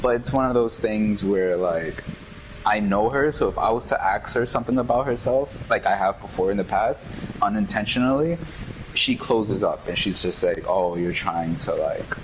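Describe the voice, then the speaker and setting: A man with a lowish voice tells stories in a relaxed, slangy way. He walks through past conversations line by line in a loose chat. A faint hiss sits under his talk. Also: poor audio. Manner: laid-back and slangy, recounts conversations line by line. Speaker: podcast co-host. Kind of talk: casual chat, storytelling.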